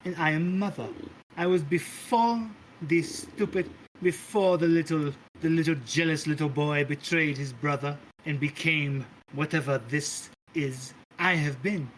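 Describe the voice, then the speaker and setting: Flamboyant, foul-mouthed mother goddess with a temper, put on by a man, theatrical and raised in pitch. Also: fairly bright tone, a little hiss or hum. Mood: gushing. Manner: theatrical, gushing, swears, calls everyone darling.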